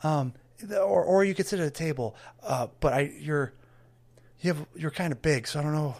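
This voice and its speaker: A man's voice: on the high side, normal speed, creaky, darkish tone, pitched above the performer's own voice. A man voicing a small, anxious young male tavern greeter who stammers and rambles when flustered. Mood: nervous.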